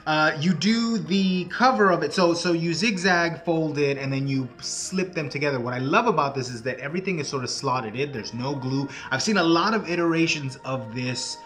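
A man's voice: on the high side, moderate pace, sharp tone, faint music behind. A man hosting his own craft channel, talking through folding steps in a casual, rambling way with self-mocking jokes. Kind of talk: casual tutorial talk.

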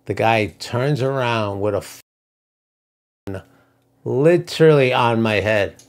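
A man's voice: mid-range voice, slow pace. A man from Brooklyn, retelling a story in casual chat, blunt and profane. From Brooklyn, New York. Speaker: podcast co-host.

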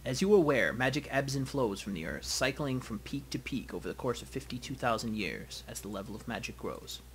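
A man voicing a dragon's envoy in a video game with a German accent, slow and savoring each word. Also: medium pitch, animated, slight background noise, natural voice. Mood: solemn.

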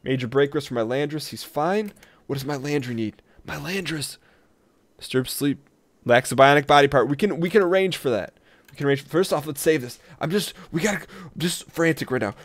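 A man doing let's play commentary on a colony game, talking to his colonists and jumping between rattled bursts and low mutters, with keyboard clicks behind. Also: normal speed, dry recording. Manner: jumpy, talks to his colonists, spikes loud when tense.

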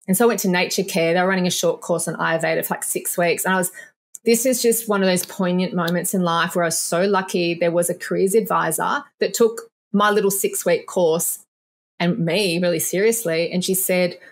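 A woman naturopath in a casual podcast interview, chatty and animated, laughing often and acting out quoted voices. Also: fairly low pitch, brisk. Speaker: naturopath guest.

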